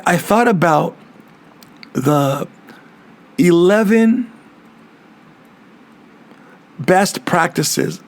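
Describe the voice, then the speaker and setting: A man's voice: a little high, gravelly. A middle-aged man hosting his own podcast as a capoeira master, talking earnestly and reflectively, often repeating and restarting his words. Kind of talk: reflective solo podcast monologue.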